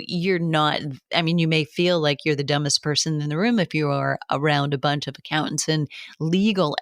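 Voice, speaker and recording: A woman's voice: deep voice, dry recording, studio quality. A woman who hosts a fitness business podcast, giving casual advice in a conversational way with restarts and short laughs.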